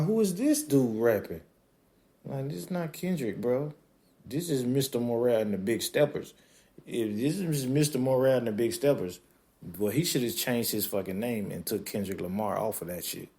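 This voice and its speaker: A man hosting a podcast rants in a loose, casual way. He swears freely and keeps jumping up into high, squeaky disbelief. Between those bursts his voice sits at a middling pitch. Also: normal speed. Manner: profane, animated, breaks into high-pitched incredulous outbursts. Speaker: podcast host. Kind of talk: casual rant.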